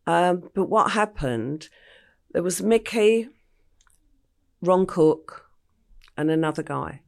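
A woman's voice: fairly low pitch, animated, slow, creaky. An older English woman, an interview guest, telling her story vividly and acting out the voices she quotes. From England.

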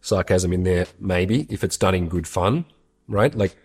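Blunt, low-voiced man giving dating advice. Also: unhurried, darkish tone, husky. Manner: blunt, candid, swears freely. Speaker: host of an advice show answering a listener question. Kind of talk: casual advice monologue.

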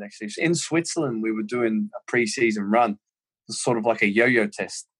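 An Australian man, a former footballer, telling animated anecdotes as a guest in a casual interview, often laughing. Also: mid-range voice.

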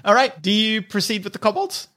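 A man's voice: high voice, very animated, a little fast, bright, forceful tone. A man running a tabletop game as game master, narrating loosely with fillers and giggles.

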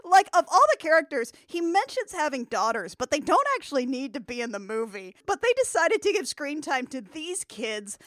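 Animated high-voiced woman podcaster. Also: moderate pace, hardly any pauses, no room sound, studio quality. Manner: animated, laughing, wry. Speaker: podcast co-host. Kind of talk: casual film recap chat.

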